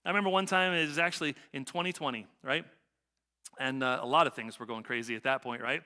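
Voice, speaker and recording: A man's voice: medium pitch, fast talker, bright, forceful tone. A middle-aged male pastor preaching a conversational sermon, often repeating himself and asking "right?". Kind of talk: sermon with personal story. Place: church sanctuary. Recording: long church reverb.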